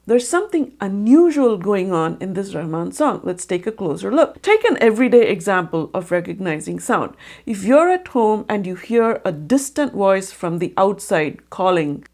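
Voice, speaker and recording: A woman's voice: medium pitch, very animated, moderate pace, a little mellow. A woman narrating an educational video on music and breaking down how melodies are recognized. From India. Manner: explanatory, sings short sung examples. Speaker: music explainer.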